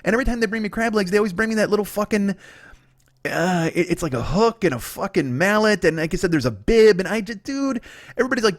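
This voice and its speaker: Fast-talking profane comedy podcast man. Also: sits high, no room sound, studio quality. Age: 40s. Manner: profane, excitable, riffing. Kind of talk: rambling comedic monologue.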